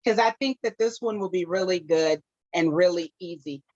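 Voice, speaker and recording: A woman's voice: lowish voice, moderate pace, a little mellow, dry recording, highs cut off. A woman co-hosting a live talk show, chatty and laughing often as she runs a quiz game. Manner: chatty, laughs often, drops into playful foreign phrases. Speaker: co-host running a game segment. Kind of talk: casual live podcast chat.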